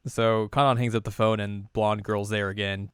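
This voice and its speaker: A man's voice: on the low side, flat delivery, normal speed, clean tone, no echo, clean studio sound. A man co-hosting a podcast, casually recapping an anime episode and rambling along. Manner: rambling, acts out scenes. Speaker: podcast co-host.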